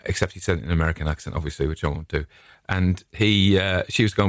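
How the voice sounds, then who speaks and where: Speaking quickly in a low voice, this English podcast host, middle-aged, wanders through a casual chat as a digressive, friendly storyteller on his own show. The sound is clean studio audio with no echo.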